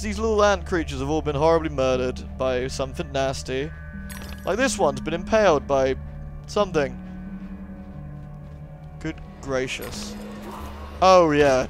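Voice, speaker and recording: A man's voice: on the high side, lively intonation, unhurried, pauses often. Chatty man commentating a game. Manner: chatty, rambling, jokey asides. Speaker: let's play host. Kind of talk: casual gameplay commentary. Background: game music.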